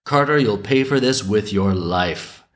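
Guy voicing a tiny vengeful sparrow from a dark folk tale, slow n low. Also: expressive. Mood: threatening. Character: vengeful little male sparrow.

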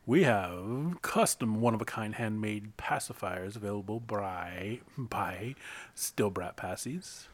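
A man's voice: on the low side, measured pace, hardly any pauses. Male podcast co-host, chatty, reads the sponsor spots. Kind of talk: casual podcast chat.

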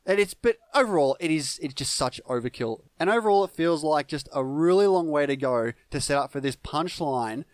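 A man's voice: a little high, lively intonation, a little fast, few pauses, no echo. A man co-hosting a casual film review podcast, easygoing and laughing often, with hesitant restarts. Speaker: podcast co-host.

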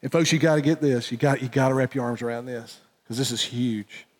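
A pastor giving an earnest sermon, swinging between loud emphatic lines and hushed, low ones. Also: male voice, steady tone, brisk. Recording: church hall reverb.

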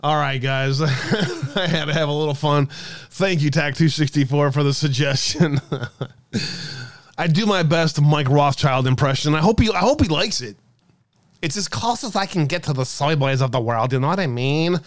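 Jokey livestream guy, kinda high voice, chatting w viewers, sarcastic. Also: moderate pace. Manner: jokey, sarcastic, laughs often. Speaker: livestream host. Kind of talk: casual livestream chat.

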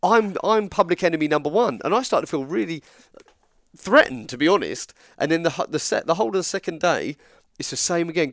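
A man's voice: on the high side, a little fast, dry recording, studio quality. An English man telling a long story in casual chat, acting out the lines of the people in it. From England. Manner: animated, acts out dialogue in quotes. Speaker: guest storyteller.

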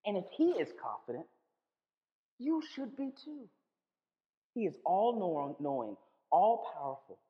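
A man preaching a sermon in a conversational, playful way, swinging between loud and hushed. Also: on the high side, long reverb tail, lo-fi sound.

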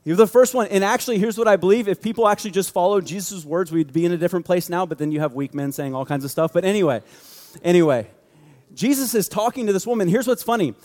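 A man with a high voice preaches a sermon in a loose, conversational way, full of jokes and lively asides. His voice rings through a large hall with a long, trailing reverb. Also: quick pace. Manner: animated, joking, conversational preaching. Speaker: pastor.

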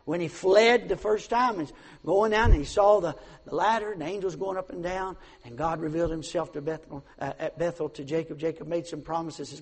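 A man preaching a sermon as pastor, swinging from hushed asides to shouts, often stammering and restarting. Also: fairly high pitch, brisk, slightly rough. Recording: long hall reverb.

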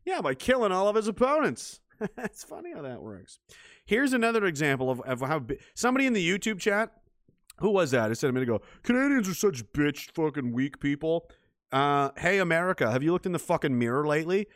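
Male streamer, slightly high voice, dry close sound, mocking and profane news rant. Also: sing-song, brisk, no room sound. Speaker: political commentary streamer. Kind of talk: ranting commentary on news.

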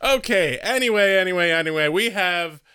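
A man's voice: high-pitched, expressive, moderate pace, bright, forceful tone, clear, resonant tone. A man co-hosting a comedy podcast, chatting casually and laughing often as he talks. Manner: laughs often while talking. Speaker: podcast co-host.

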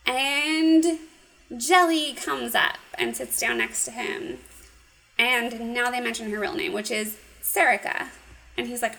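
Gravelly high-voiced woman recapping a cartoon. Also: measured pace, rough recording. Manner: animated retelling with acted quotes, giggly. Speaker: podcast co-host. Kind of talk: casual recap chat.

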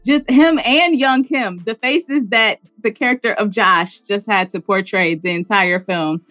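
A woman's voice: medium pitch, unhurried, fairly bright tone, no echo, faint music behind. A woman co-hosting a podcast, chatting casually and laughing often. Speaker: podcast co-host. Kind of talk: casual chat.

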